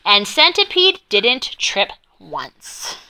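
A woman reads a children's picture book aloud, taking her time over every line. Her voice sits high and bright, rising and falling expressively as she tells the tale. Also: slight background noise. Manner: slow, expressive storytelling. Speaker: reader.

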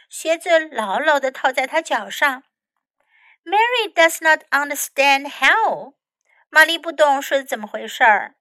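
Slow high-voiced woman teacher. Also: pushed and bright, no room sound. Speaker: English teacher. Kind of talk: bilingual story reading and English lesson.

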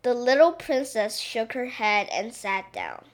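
A woman reading a children's story aloud, gentle and expressive. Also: on the high side, takes it slowly, few pauses.

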